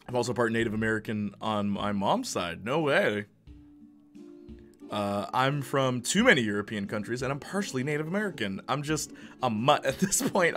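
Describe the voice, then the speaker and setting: A male streamer chats with his viewers in a loose, joking way and laughs often. His voice is bright and forceful. Faint music plays behind him. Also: mid-range voice, animated, moderate pace. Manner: jokey, laughs often, talks to chat. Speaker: live streamer. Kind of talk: casual live-stream chat.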